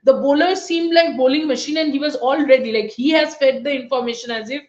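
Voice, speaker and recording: A woman with a high voice hosts a live cricket analysis show, pausing often on fillers. Her audio sounds roomy and slightly dull, like a remote call. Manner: animated, hesitant fillers. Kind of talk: live post-match analysis.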